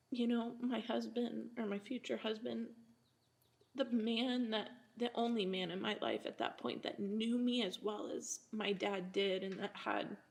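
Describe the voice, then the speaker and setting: Young woman, podcast guest, faith testimony, animated storyteller, high, gravelly. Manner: animated retelling with breathless quoting and laughter.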